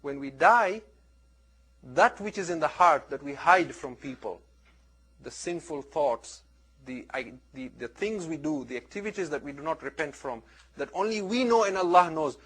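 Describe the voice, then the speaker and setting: A man's voice: on the high side, expressive, normal speed, fairly bright tone. A man giving a religious lecture, telling stories emphatically with dramatic rises and drops in his voice.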